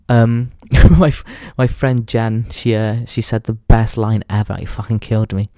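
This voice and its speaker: A man's voice: fairly low pitch, flat delivery, moderate pace, few pauses, dark tone, dry recording, studio quality. A young English man hosting a podcast, talking in a crude, rambling comic monologue and laughing at his own jokes. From England. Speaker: podcast host. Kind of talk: casual comedic monologue.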